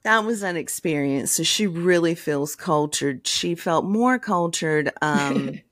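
A woman, co-hosting a podcast and telling animated, profane stories with lots of laughter. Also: sits low, takes it slowly, no echo, studio quality. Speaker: podcast co-host. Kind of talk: casual storytelling chat.

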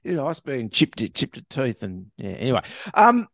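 A man's voice: mid-range voice, wildly swooping pitch, brisk, fairly bright tone, dry recording, studio quality. A man co-hosting a comedy podcast, reading a news story aloud and joking around. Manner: jokey, reads news story aloud with asides. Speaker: podcast co-host. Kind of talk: casual comedic podcast chat.

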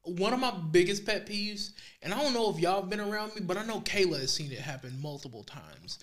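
A man co-hosting a podcast, telling a story in profane, animated casual chat and acting out the people in it. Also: high-pitched, brisk, a crowd in the background. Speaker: podcast co-host.

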